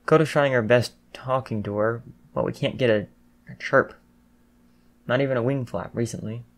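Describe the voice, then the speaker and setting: A man's voice: mid-range voice, steady tone, normal speed, gravelly, lightly acted. A man voicing a tired, dry-witted teenage boy student, speaking wearily. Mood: subdued.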